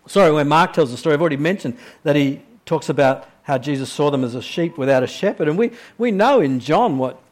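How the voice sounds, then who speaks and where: A man preaching a sermon, moving between soft, slow reflective passages and louder, urgent questions to the congregation. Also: lively intonation. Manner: swings from quiet, low reflection to loud, high-pitched questioning.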